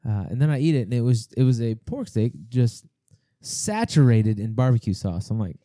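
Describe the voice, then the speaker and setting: A man hosting a casual podcast who jokes and wanders through his stories. His voice is mellow and dark. It is miked close and dry. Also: mid-range voice, expressive, normal speed, dry recording. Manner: joking, rambling. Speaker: podcast host. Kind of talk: casual chat.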